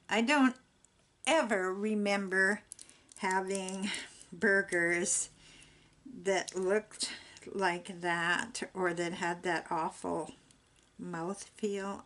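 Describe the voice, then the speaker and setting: A woman's voice: medium pitch, fairly even intonation, takes it slowly, long pauses, fairly bright tone. An older woman chatting in a rambling, homey way while she works on a craft project. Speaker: craft vlogger.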